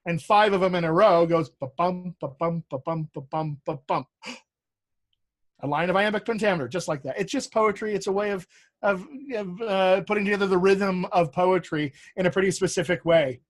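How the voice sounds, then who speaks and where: A man's voice: sits high, steady tone, fairly quick. A man co-hosting a casual lesson on verse, playful and tapping out rhythms aloud. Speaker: co-host explaining verse. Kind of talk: casual teaching chat.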